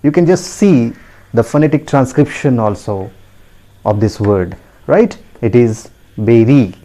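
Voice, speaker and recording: A man with an Indian English accent teaching pronunciation in a video lesson, repeating each word deliberately and often asking the listener "right?" with a sharp upward lift. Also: very animated. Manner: repetitive, deliberate, asks the listener with a high rising "right?".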